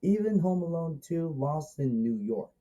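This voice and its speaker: Slow-talking man, very dark mellow voice. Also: on the high side, animated, low-quality recording. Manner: rambling and repetitive, eager, many restarts. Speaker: movie reviewer. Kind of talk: casual spoken movie review.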